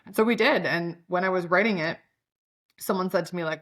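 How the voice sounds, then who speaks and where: Low-voiced Chicago woman, candid chat. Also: fairly quick, fairly bright tone. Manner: candid, self-deprecating, frequent "um" and "like". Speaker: podcast guest, author. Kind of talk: casual interview chat.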